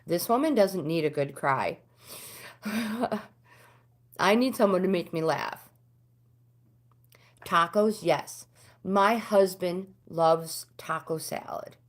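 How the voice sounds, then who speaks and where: Middle-aged American woman, livestream host, low-pitched, casual chatter with viewers. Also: slow, long pauses. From United States. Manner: chatty, talks back to comments, pitch swings up when animated.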